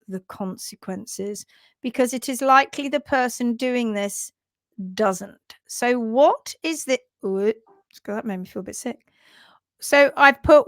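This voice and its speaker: A woman's voice: high-pitched, fairly bright tone, no echo. A woman hosting a casual livestream, upbeat and chatty, reading out viewer comments and teaching about hoof care.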